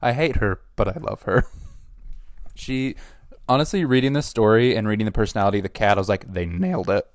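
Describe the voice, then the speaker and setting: A man reviewing comics in a casual chat, thoughtful and animated, with many fillers. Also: on the low side, a little fast, no room sound, clean studio sound.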